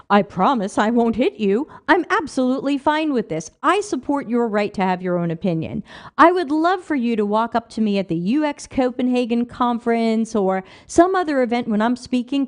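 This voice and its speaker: Mujer con voz animada y aguda. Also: female voice, on the high side, normal speed. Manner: animated, emphatic, rhetorical questions. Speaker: livestream host reading viewer comments. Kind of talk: casual livestream talk.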